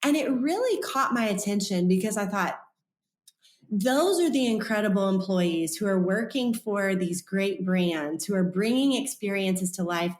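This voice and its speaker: A woman in her thirties tells a personal story as a podcast guest, acting out each voice with a lively bounce. Her voice sits mid-range. The room gives it a noticeable echo. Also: medium pitch, unhurried. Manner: animated, acts out quoted voices. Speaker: author and guest.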